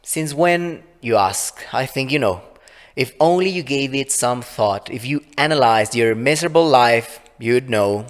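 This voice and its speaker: A man's voice: medium pitch, animated, measured pace, lightly acted. A man voicing a cruel, smug female fairy who speaks in a sneering, condescending way, with a long reverb on the recording.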